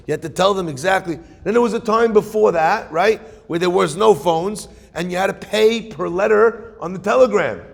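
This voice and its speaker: A man's voice: high-pitched, vocal fry, breathy edge, in a large hall. A middle-aged male rabbi giving a sermon to a room, telling stories and asking the listeners rhetorical questions. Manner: storytelling with Yiddish-flavored phrasing and rhetorical questions. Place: room with an audience.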